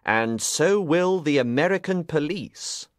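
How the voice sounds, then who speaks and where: A man playing a sharp, determined detective in an audiobook, speaking clearly and deliberately. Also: on the high side, expressive, no echo, clean studio sound. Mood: explaining. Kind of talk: audiobook reading.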